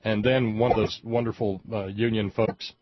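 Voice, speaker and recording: Sardonic male commentator from West Virginia, low and husky, meandering delivery; dry, muffled lo-fi recording. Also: steady tone, moderate pace, no room sound. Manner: sardonic, meandering, with frequent hesitations. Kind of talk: rambling commentary monologue. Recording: dull lo-fi audio, dry.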